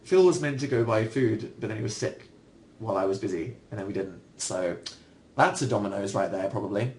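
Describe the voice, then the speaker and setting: A man's voice: fairly low pitch, brisk, a little mellow, slight background noise. A young man hosting a casual livestream, answering viewers in a rambling, self-deprecating way with dry humor. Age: young adult. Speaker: livestream host.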